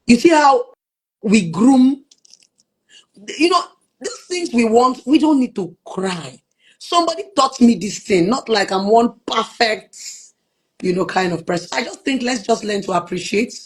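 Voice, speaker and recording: Nigerian lady therapist talking earnest in an interview, kinda husky voice. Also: mid-range voice, expressive, measured pace. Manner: earnest, quotes her partner in soft voices. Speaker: relationship therapist, guest. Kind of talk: interview conversation.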